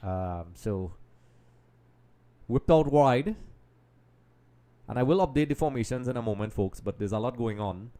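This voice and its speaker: A man with a mid-pitched voice hosts a live football watch-along in a casual, chatty way, calling his viewers "folks." He stays distracted as he juggles tasks, and his commentary keeps trailing off into quieter mutters and restarts. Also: lively intonation, unhurried, long pauses. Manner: distracted, multitasking while commenting.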